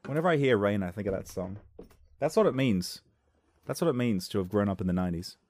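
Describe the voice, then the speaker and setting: Lively, rambling comedic man. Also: fairly low pitch, fast. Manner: jokey, rambling, laughs at own jokes. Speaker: podcast host.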